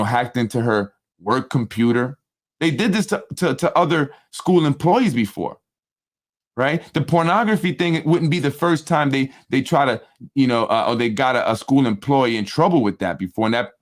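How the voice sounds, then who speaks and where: A man delivers casual political commentary as the host of his own show. He talks in an animated, repetitive way, keeps checking in with his listeners, and slips into other people's voices when quoting them. His voice sits at an ordinary middle pitch. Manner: animated, repetitive, with frequent tag questions; acts out other people's speech in quoted voices.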